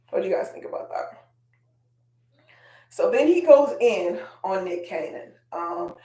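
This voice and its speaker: A woman's voice: mid-range voice, mellow, reverberant. A woman hosting a casual commentary vlog, chatting straight to her viewers and reading quotes aloud. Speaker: host.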